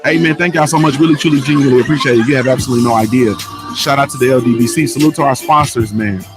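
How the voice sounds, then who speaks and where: A man from Ohio hosting a casual boxing talk stream, with loose, repetitive, slangy delivery and shout-outs. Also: medium pitch, very fast, over music. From Ohio, USA. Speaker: boxing show host.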